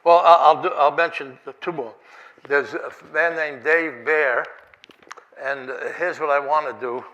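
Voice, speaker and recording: A man's voice: on the high side, fairly even intonation, a little slow, bright, forceful tone, low-quality recording. An older man giving a rambling, chuckling keynote talk full of anecdotes, restarts and fillers. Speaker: keynote speaker. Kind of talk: lecture with anecdotes. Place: conference lecture hall.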